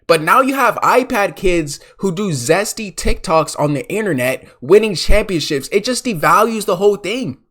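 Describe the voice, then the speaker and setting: A man's voice: sits high, expressive, moderate pace, few pauses, fairly bright tone. A young man giving ranting, mocking sports commentary as a vlogger, exasperated and repetitive.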